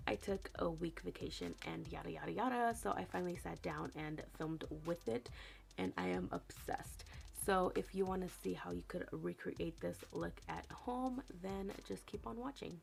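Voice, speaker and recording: A young woman with a raspy morning voice, chatting casually through a makeup tutorial and correcting herself as she goes. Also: fairly low pitch, steady tone, normal speed. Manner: chatty, rambling, self-correcting. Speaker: beauty vlogger.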